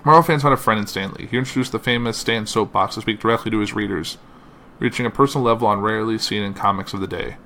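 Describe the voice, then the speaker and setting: A male podcast host slowly reads a tribute and some quoted messages aloud, slipping up and saying "uh" along the way. His voice is on the low side, pushed and bright, with a bit of hiss or hum behind it.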